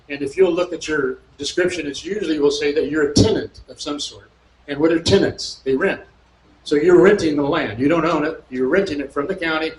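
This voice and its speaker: A man with a slightly high voice reads passages aloud and then argues over them, getting indignant and mocking as he goes. He sounds like he's in a roomy, echoing space with faint noise in the background. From California. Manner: fired-up and indignant, rising to shouts; mocking asides. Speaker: speaker at a local meeting. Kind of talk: talk to an audience, reading aloud and explaining.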